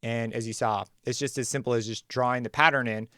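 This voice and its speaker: Guy doing a music software tutorial, chill and chatty, smooth voice, super dry sound. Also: mid-range voice, a little fast, no room sound. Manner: relaxed, conversational, thinks aloud while clicking. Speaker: music production tutorial host. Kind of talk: screen-recorded software tutorial.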